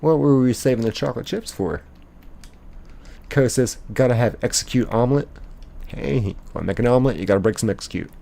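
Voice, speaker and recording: A man's voice: medium pitch, animated, fairly quick, gravelly, dark tone. A young man, live-streaming a game and playfully reading viewer chat aloud, laughing often.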